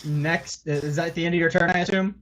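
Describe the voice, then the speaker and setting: A man's voice: on the high side, steady tone, brisk, a crowd in the background. A man running a tabletop game as dungeon master, casual and amused, laughing often.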